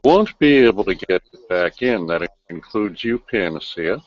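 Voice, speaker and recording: A man's voice: low voice, expressive, a little slow, dry recording. A man running a voice chat room, laying down the rules in a stern, gloating way. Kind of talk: casual voice chat. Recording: dull lo-fi voice chat audio.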